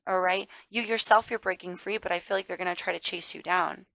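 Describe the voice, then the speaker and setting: A woman's voice: lowish voice, fairly even intonation, fairly quick, creaky, fairly bright tone, dry recording, low-quality recording. A woman giving a casual tarot reading to viewers. She talks emphatically, calls the listener darling and baby, swears now and then, and gets worked up. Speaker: tarot reader.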